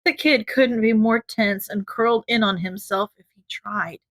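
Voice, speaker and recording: A woman narrating a fan fiction audiobook in a measured, gentle way. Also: mid-range voice, no echo. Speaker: audiobook reader.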